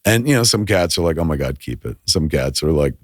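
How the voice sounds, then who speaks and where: A filmmaker in casual podcast chat, an animated storyteller who swears often and acts out quotes. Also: male voice, extremely low pitch, fairly quick, dry recording, clean studio sound. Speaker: filmmaker guest.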